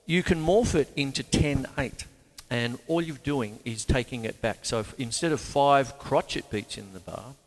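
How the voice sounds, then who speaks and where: A man with an Australian accent hosting a casual drum lesson, chatty and animated, counting beats aloud. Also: mid-range voice, vocal fry, long reverb tail. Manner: animated, chatty, breaks into counting and scat sounds. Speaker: drum teacher and show host. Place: home room with a couch.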